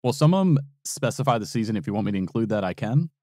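Brief: male co-host, easygoing quizmaster, relaxed dark tone, dead-dry booth sound. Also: on the low side, racing, dry recording. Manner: laughs often, playful quizmaster. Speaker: podcast co-host running trivia. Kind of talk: casual banter.

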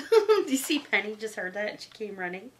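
A woman reviewing toys at home, gushing and excitable in a casual chat. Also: mid-range voice, fairly quick, background noise. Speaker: toy reviewer.

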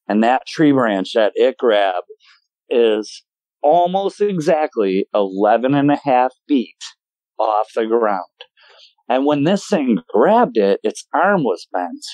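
A man in his forties from Wisconsin, a guest telling his story in an animated, emotional way and acting out voices in sudden high bursts. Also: no room sound, rough recording. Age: 40s. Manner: emotional, voice shaking at times. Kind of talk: casual storytelling.

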